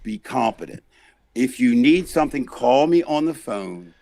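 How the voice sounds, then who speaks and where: A man hosting a comedic political chat show, loudly mocking and exasperated as he rants. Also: mid-range voice, animated, unhurried, dry recording. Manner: loud, mocking, exasperated ranting. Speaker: podcast host.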